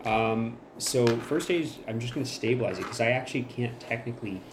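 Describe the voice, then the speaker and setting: A man's voice: mid-range voice, brisk, roomy sound, background noise. Man playing a laid-back tabletop player. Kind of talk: casual tabletop play.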